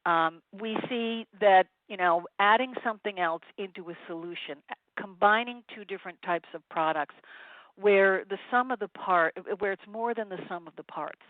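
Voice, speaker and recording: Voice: mid-range voice, normal speed, dry recording. A consultant giving a webinar presentation, offering direct advice to sales teams, with frequent "um" fillers. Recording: tinny phone-line webinar audio, dry.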